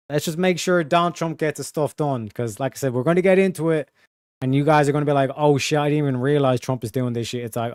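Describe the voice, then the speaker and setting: A man's voice: fairly high pitch, clean tone, no room sound, clean studio sound. Slangy male streamer. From Ireland. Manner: rambling, slangy, reads donations aloud. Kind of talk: casual live-stream commentary.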